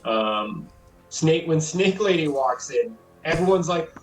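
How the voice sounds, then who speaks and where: A man's voice: a little high, lively intonation, takes it slowly. A young man narrating as game master in a rambling way, full of fillers. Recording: roomy sound with faint music.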